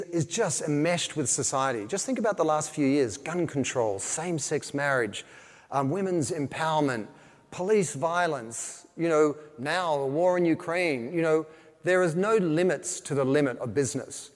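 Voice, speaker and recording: A veteran marketer gives an animated keynote, a man with a somewhat high-pitched voice telling stories and acting out quoted asides. His voice carries a long reverb from the hall around him. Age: older. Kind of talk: business talk to a live audience.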